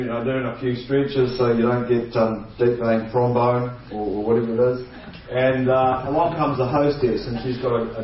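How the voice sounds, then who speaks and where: A man telling a comic anecdote, acting out the people in it with a lively, chuckling delivery. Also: medium pitch, a little hiss or hum. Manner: lively, acts out other voices, chuckling. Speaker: guest storyteller. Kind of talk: comedic anecdote. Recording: echoey, distant, dull sound.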